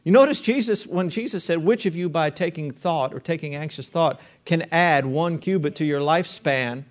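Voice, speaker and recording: A man's voice: on the high side, normal speed. A man preaching a sermon as pastor, talking conversationally with rhetorical questions and leading the congregation in call-and-response.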